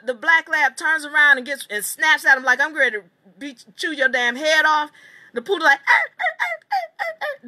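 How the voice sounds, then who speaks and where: A woman teaching a seminar, telling a long story in an emphatic, animated way and swearing casually. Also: sits high. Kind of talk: storytelling lecture.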